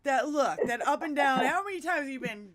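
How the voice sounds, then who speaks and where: A woman in her fifties from the United States hosting a podcast, telling stories in an animated way and swearing freely. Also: sits high, brisk, slight background noise. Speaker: podcast host. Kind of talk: casual chat.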